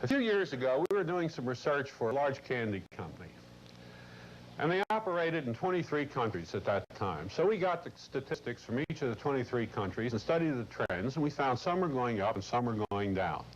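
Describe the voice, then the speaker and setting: A man giving a lecture to a corporate class, telling a long story in a blunt, salty, animated way. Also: medium pitch, fairly quick. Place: lecture room. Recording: muffled old videotape with faint hiss.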